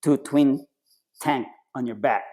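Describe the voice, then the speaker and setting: Speaking slowly as a podcast guest, this former Navy SEAL turned triathlete spins animated conversational stories. When quoting people he performs their voices, leaping in pitch, and his loose delivery is dotted with fillers and restarts.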